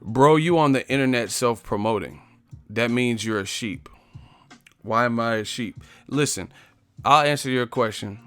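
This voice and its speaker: A man's voice: mid-range voice, measured pace, fairly bright tone, smooth, soft background music. A man hosting a live stream, confrontational and profane as he roasts the commenters in his chat. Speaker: livestream host.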